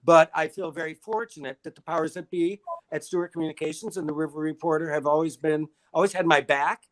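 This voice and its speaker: Older male guest, wry and self-deprecating, a touch high-pitched. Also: fairly even intonation, fast. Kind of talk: casual interview chat.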